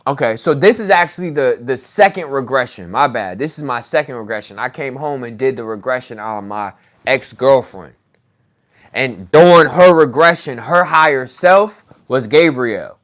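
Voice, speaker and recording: Animated, swearing male storyteller. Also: mid-range voice, moderate pace. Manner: animated, profane, laughs mid-story. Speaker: podcast host, regression practitioner. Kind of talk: casual storytelling.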